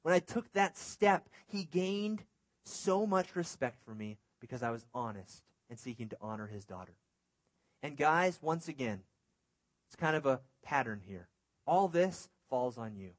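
A man's voice: medium pitch, animated, a little slow, no room sound. A young man preaching a sermon to a youth church, earnest and conversational with humorous asides. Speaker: youth pastor.

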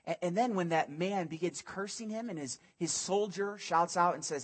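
Male pastor, sermon, husky voice, a bit high-pitched, lively casual storytelling. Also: moderate pace, few pauses. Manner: animated, acts out biblical dialogue in casual modern speech.

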